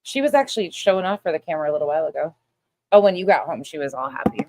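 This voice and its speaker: A woman's voice: low voice, very animated, racing, a little mellow, no echo. A middle-aged woman hosting a casual livestream chat, talking loosely, laughing often and swearing freely. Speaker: livestream host.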